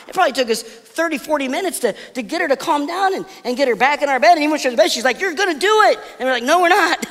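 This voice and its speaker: A man preaching a sermon, telling family stories in a casual, conversational way before dropping to soft, emphatic pauses. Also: extremely high pitch, in a large hall. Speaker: pastor.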